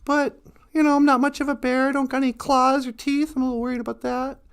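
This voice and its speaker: A woman's voice: high-pitched, level tone, fast talker, clean tone. A woman voicing a small, worried teddy bear who stammers and hesitates.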